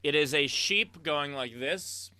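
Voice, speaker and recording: A man's voice: fairly high pitch, slow pace, crowd noise. A man co-hosting a casual comedy show over a video call, reading out viewer tips and messages with self-mocking jokes. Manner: joking, self-mocking, reads donor messages aloud.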